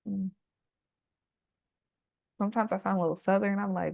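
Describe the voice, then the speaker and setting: A young woman co-hosting a casual podcast chat, soft-spoken and a little self-conscious, drifting into other accents as she talks. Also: medium pitch, steady tone, moderate pace, creaky, no echo, studio quality. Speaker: podcast co-host.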